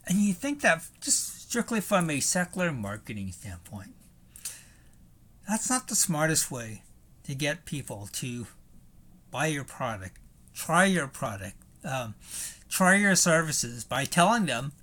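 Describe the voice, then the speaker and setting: A man's voice: fairly high pitch, sing-song, unhurried, pauses often, bright, forceful tone. A man preaching a sermon in a conversational way, thinking aloud with fillers and rhetorical questions. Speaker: pastor.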